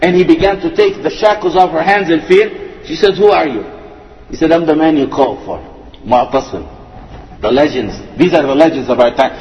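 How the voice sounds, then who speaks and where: Male preacher, high voice, fervent and emphatic sermon storytelling; recorded in a reverberant hall. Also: a little fast, highs cut off. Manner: impassioned, emphatic, varied pace. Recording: echoey hall.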